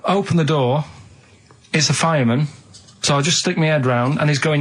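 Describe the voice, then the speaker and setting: A man, a radio show regular telling a rambling story in a deadpan way in a studio. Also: on the high side, normal speed. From England. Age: 30s. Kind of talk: casual radio chat.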